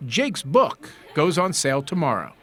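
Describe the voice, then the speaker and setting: A man reporting a scripted television news story in a measured, lively reporter's delivery. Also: on the high side. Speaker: news correspondent.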